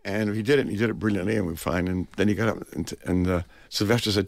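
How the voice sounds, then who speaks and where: A man's voice: on the low side, quick pace, creaky, no echo. Older man, film director guest, rambling stories, dry close studio sound. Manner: rambling, animated anecdotes with many restarts. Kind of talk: anecdotal storytelling interview. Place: radio studio.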